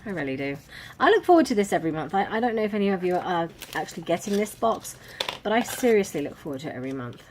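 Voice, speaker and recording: A woman chatting casually through a craft box unboxing, amused and quick to laugh. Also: lowish voice, sing-song, noisy background. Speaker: crafting vlogger.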